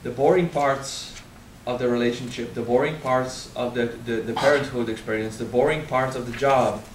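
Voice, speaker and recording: A French-accented man in his thirties leads a spiritual seminar, talking frankly and with animation, dropping the odd swear word. His voice sits at a middle pitch and carries the echo of a roomy space, heard from a little way off the mic with a faint hum of ambience. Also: far from the mic. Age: 30s. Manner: frank and animated, swears casually, stresses words slowly. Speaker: spiritual teacher. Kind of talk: seminar talk.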